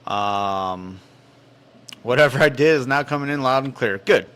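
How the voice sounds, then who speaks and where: A young man in easygoing podcast chat, joking and laid-back, his voice at an ordinary middle pitch. He reads viewer comments aloud. He talks into a mic held in his hand. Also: a little slow, fairly bright tone, smooth. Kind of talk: casual chat. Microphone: handheld mic.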